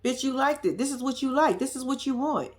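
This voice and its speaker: A woman's voice: sits high, expressive, brisk. A young woman giving blunt, profane, sassy reaction commentary on a reality show, talking straight to her viewers.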